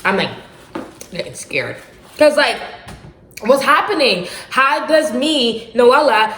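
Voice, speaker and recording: Lively young woman telling a storytime. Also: high-pitched, moderate pace, slight background noise. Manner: animated, laughing, slangy retelling. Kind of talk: casual storytime vlog. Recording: roomy echo.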